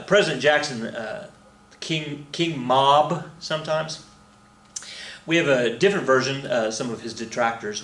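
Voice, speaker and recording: A man's voice: medium pitch, roomy sound. A man teaching a casual recorded history lesson, chatty and rambling, with lots of fillers, restarts and joking asides.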